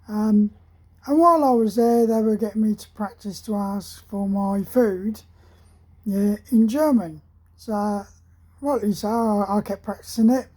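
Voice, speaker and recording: Woman, 60s, army veteran, husky mellow voice, rambling casual storyteller. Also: mid-range voice, a little slow, poor audio. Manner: rambling, hesitant, with many ums and restarts. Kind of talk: casual spoken anecdote.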